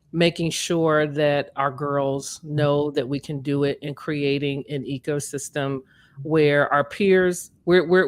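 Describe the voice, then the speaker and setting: A woman hosting an interview, speaking in an affirming, earnest way. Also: sits low. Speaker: interview host. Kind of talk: conversational interview.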